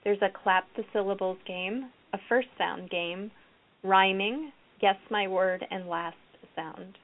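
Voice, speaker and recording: A woman's voice: mid-range voice, slow pace. A woman presenting a reading program for teachers, explaining classroom activities and modeling them aloud. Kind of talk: recorded lecture with slides. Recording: tinny phone-like lo-fi audio.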